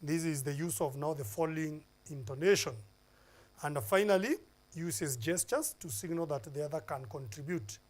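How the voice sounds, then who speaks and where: A Kenyan man teaches an oral English lesson for television. His voice sits a little high, and he walks through numbered points with emphatic stress and frequent "uh"s. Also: normal speed. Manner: emphatic, lists points one by one with fillers.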